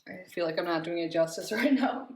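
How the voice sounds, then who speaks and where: A woman's voice: fairly low pitch, animated, brisk, a little mellow. A young woman reviewing a subscription box in casual chat, gushing and giggly as she reads product labels aloud.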